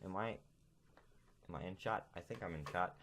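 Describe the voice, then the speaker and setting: A man's voice: sits low, normal speed, fairly bright tone, a little hiss or hum. A man in his home recording setup giving casual, nervous reaction commentary, chattering to himself. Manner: jittery, nervous chatter with self-talk. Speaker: gaming vlogger.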